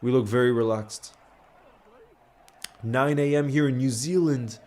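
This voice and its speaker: A man's voice: medium pitch, unhurried. Laid-back man hosting a match stream. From grew up largely in New York. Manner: laid-back and chummy, calling viewers "bro" and giving shout-outs. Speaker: livestream host of a match watch-along. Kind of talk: casual live watch-along chat, reading out viewer messages.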